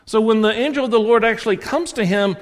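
A pastor with a Southern American accent preaches a sermon, telling rambling stories and correcting himself with restarts along the way. He talks fast in a high voice, and long hall reverb surrounds him.

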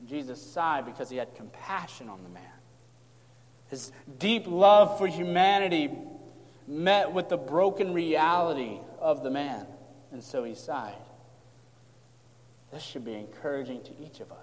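A man preaching an expository sermon, calm as he explains and rising to impassioned emphasis. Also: a little high, measured pace. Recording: long hall reverb.

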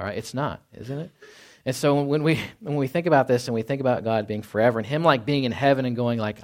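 A man's voice: medium pitch, fast. A man preaching a conversational sermon, often tagging his points with "right?" and asking rhetorical questions. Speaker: pastor.

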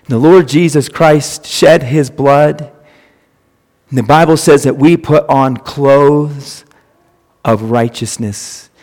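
In a church sanctuary with long, hall-like reverb, a male pastor gives an emphatic sermon at a slow pace, his mid-range voice a little mellow as he repeats phrases for emphasis.

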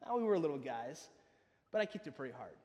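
A man preaching a sermon, emphatic and swinging between loud, pressing lines and hushed ones. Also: a little high, sing-song, fast, big-room sound.

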